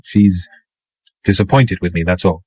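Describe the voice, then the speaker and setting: A man reading an audiobook, voicing a steady, dry-humored naval petty officer who speaks mildly and wryly. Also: deep voice, unhurried, breathy edge, no echo, low-quality recording. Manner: mild, wry.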